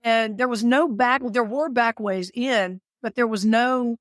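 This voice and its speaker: Animated Southern woman telling a story. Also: a little slow, no room sound, clean studio sound. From southern United States. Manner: animated, dramatic storyteller, quotes herself in high voices. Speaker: guest, caregiver and author. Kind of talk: storytelling interview.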